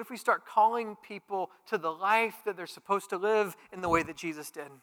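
A man preaching a sermon as pastor, conversational and joking, swinging from loud emphatic peaks to quiet intimate asides. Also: high-pitched, moderate pace, hardly any pauses. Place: large church sanctuary. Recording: long hall reverb.

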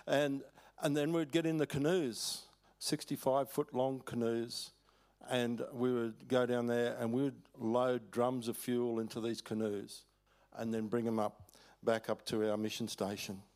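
An older Australian man preaching a sermon, telling stories in a folksy way with chuckles and halting restarts. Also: mid-range voice, flat delivery, darkish tone. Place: church hall.

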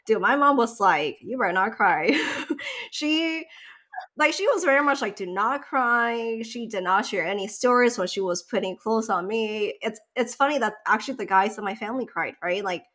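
A woman in her thirties in casual chat, telling a long story in a lively way, full of likes and you-knows. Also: medium pitch, fairly quick, hardly any pauses. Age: 30s.

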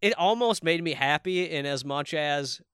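A man co-hosting a podcast in casual chat, excitable and swearing freely with quick asides. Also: a little high, smooth, no echo, clean studio sound. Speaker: podcast co-host.

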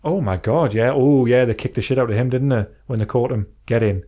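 A man co-hosting a podcast in casual banter, excitable, joking and swearing freely. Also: mid-range voice, fairly quick. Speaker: podcast co-host.

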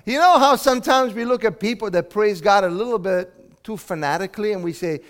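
A man preaching a sermon with animated delivery, swinging from loud exclamations to hushed asides. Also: sits high, fairly quick, big-room sound. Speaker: pastor.

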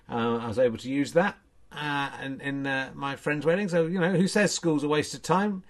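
A man's voice: medium pitch, fairly even intonation, brisk. A man in his fifties, a comedian rambling through a giddy, self-mocking solo monologue full of digressions. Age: 50s. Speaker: comedian hosting a solo snooker show.

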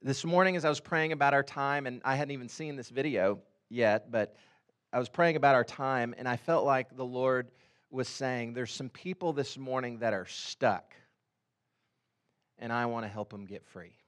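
A man in his thirties preaching a sermon in a conversational way, telling stories with many fillers and sudden animated bursts. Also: mid-range voice, normal speed. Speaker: pastor.

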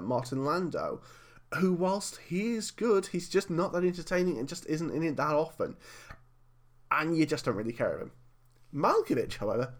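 A man hosts a podcast on his own, reviewing a film in a chatty, opinionated way. His voice sits a little higher than most men's. He keeps posing rhetorical questions as he argues his points. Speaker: podcast host.

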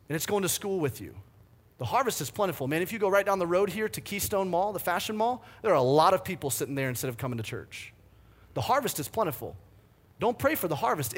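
A man in his thirties preaching a sermon, energetic and fired up, telling stories with big swings in his voice. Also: a little high. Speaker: pastor.

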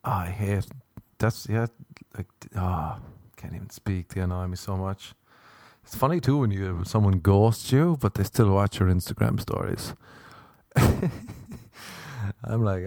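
A man's voice: on the low side, moderate pace, warm tone, dry recording. A young man, a stand-up comedian, rambling through stories in a casual monologue, swearing and laughing as he goes.

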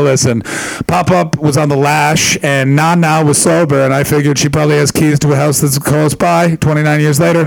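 A man's voice: fairly high pitch, creaky, dry recording. A man in his late twenties doing stand-up crowd work, brash, profane and teasing. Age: late 20s. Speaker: stand-up comedian.

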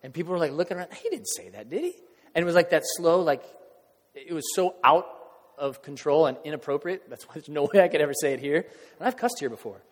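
Middle-aged man, pastor, conversational sermon, hushed to loud, slightly high voice, long hall reverb. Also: quick pace. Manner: conversational, acts out crowd reactions, shifts from hushed to loud. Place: church sanctuary.

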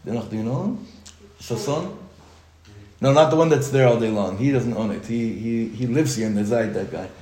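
A man's voice: mid-range voice, a little fast, few pauses, darkish tone. A man giving an informal Torah class to his congregation in a synagogue study hall. He talks conversationally, with restarts, joking asides and many Hebrew and Yiddish terms. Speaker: rabbi teaching his congregation. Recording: echoey room.

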